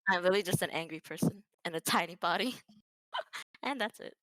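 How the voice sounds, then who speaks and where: A young woman co-hosting a casual podcast chat, swearing freely and getting giggly and animated as she tells stories. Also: lowish voice, a little fast, no echo, low-quality recording. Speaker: podcast co-host.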